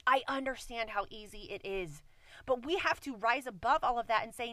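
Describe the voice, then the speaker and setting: A woman's voice: on the high side, normal speed, sharp tone, no room sound. A woman giving an earnest, conversational devotional message that closes in prayer, repeating phrases for emphasis and talking to listeners as "you guys". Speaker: Christian speaker.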